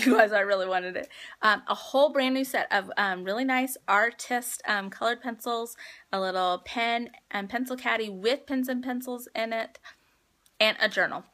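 A woman's voice: fairly high pitch, pushed and bright. A woman hosting a live phone stream, chatting heartfelt and rambling with viewers as she announces giveaway winners. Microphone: phone livestream.

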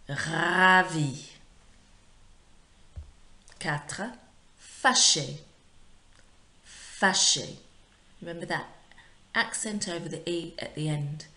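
A woman teacher giving a recorded remote lesson, speaking clearly and patiently and drilling words for her pupils to repeat. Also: deep voice, fairly bright tone. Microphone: home recording for remote class. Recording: echoey room.

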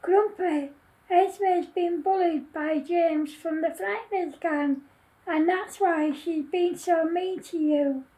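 A woman voicing a loyal little monster friend in a storybook reading, slow and earnest. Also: very high-pitched, fairly even intonation, warm tone, exaggerated voice, poor audio.

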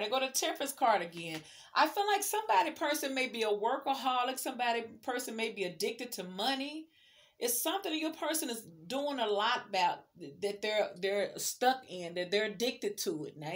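Woman tarot reader; chatty, emphatic, addresses the viewer, voice sits a bit high. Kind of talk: casual tarot reading.

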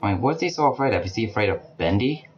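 A man giving let's play commentary, talking to the game characters and breaking into panicked shouts. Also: on the low side, lively intonation, very fast, dull audio. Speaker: gaming channel host. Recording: clear background noise.

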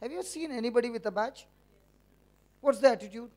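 A high-voiced male preacher delivers a sermon at a church meeting, speaking in a loose, conversational way. He's brisk and a little mellow, repeatedly teasing his listeners with direct questions.

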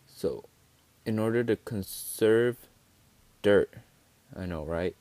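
A man's voice: low voice, slow pace, long pauses, a little mellow, no echo. A man giving casual, rambling gameplay commentary, easily exasperated and swearing freely. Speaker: gaming video creator.

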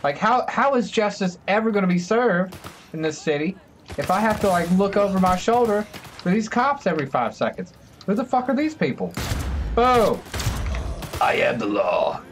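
A man streaming a video game live, talking to his chat in an excitable, joking, chatty way. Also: sits high, fairly quick, slight background noise. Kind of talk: live gameplay commentary.

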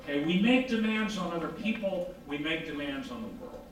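Animated male lecturer, very echoey room. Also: on the high side, fairly quick, distant mic, a little hiss or hum. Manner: animated, asks rhetorical questions and answers them; acts out quoted dialogue. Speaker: psychologist giving a lecture. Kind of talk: informal lecture.

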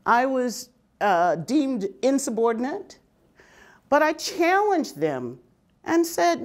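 An older woman speaking to an audience, her voice pitched a little high and swinging widely as she tells her stories. She takes her time, lets each line land, and often breaks into laughter. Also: big pitch swings, slow. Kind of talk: personal storytelling talk.

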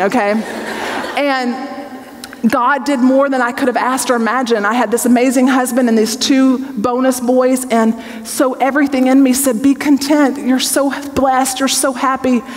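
A woman's voice: a little high, slight background noise. A woman in her forties, a Bible teacher, giving an earnest, conversational testimony sermon and often checking in with her audience. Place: large hall with an audience. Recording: long reverb of a large hall.

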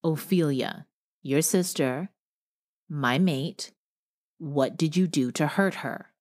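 A woman's voice: low-pitched, takes it slowly, darkish tone. A woman voicing a brash, hot-tempered young male bear shifter who talks bluntly and swears, in an audiobook. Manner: blunt and profane.

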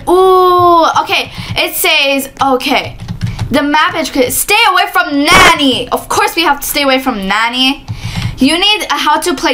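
Excitable high-voiced woman gaming host. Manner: excitable, screams and laughs often. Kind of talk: excited gameplay commentary. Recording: steady background noise with keyboard clicks.

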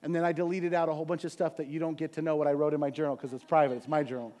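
A man's voice: a little high, racing. A middle-aged man preaching to his congregation, talking casually and asking them questions along the way. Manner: conversational, animated preaching with asides to the congregation. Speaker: pastor. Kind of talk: sermon.

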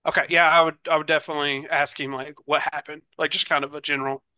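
A man's voice: on the high side, little pitch movement, fast talker, sharp tone, dry recording. A man playing in a tabletop role-playing game, thinking aloud with many ums and likes. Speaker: player. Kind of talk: casual tabletop role-play.

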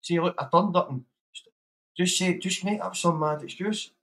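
Blunt advice, laughter, and swearing fill this man's casual livestream chat. He's the host, with a high voice, a moderate pace, and a fairly bright tone captured on a rough recording.

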